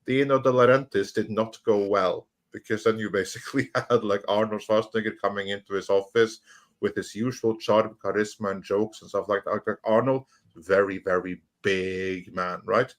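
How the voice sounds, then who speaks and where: A man's voice: fairly low pitch, steady tone, fairly quick. A man telling an anecdote in a casual panel chat, with fillers and little laughs. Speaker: podcast panelist.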